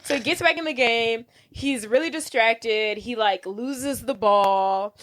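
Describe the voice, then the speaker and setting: A woman's voice: on the high side, unhurried, fairly bright tone. A woman co-hosting a podcast, giving blunt, mock-disgusted opinions in casual chat. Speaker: podcast co-host.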